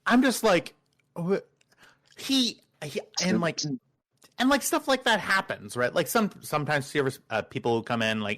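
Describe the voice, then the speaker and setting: A man's voice: on the high side, lively intonation, normal speed, a bit bright. A man chatting casually with friends, retelling a work story and acting out the quoted dialogue. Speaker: podcast regular.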